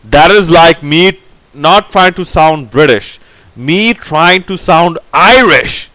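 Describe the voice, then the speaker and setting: A man's voice: fairly high pitch, expressive, takes it slowly, sharp tone, no echo, rough recording. A man giving a casual, opinionated movie review, rambling and full of fillers. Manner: rambling, heavy on fillers like "like, you know"; blunt, opinionated. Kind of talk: casual film review monologue.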